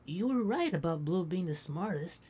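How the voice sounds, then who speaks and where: A woman voicing a sleepy, doting young female companion who speaks softly and affectionately in an animation. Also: lowish voice, lively intonation, moderate pace, husky. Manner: soft-spoken, drowsy and affectionate.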